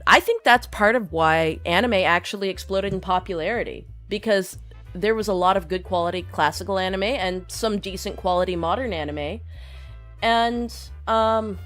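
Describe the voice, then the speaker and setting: A woman's voice: fairly low pitch, a bit bright. A young woman streamer talking casually, ranting in an opinionated, rambling way. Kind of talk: casual live-stream chat.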